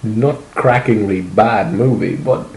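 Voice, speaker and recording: A man's voice: lowish voice, takes it slowly, darkish tone, reverberant, poor audio. A man co-hosting a podcast in casual chat, joking and exaggerating, laughing often. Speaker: podcast co-host.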